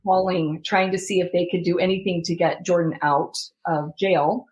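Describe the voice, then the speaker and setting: A woman's voice: lowish voice, fairly even intonation, moderate pace, darkish tone, muffled recording, slight background noise. A woman guest on a podcast, telling a personal story earnestly, with many fillers and restarts.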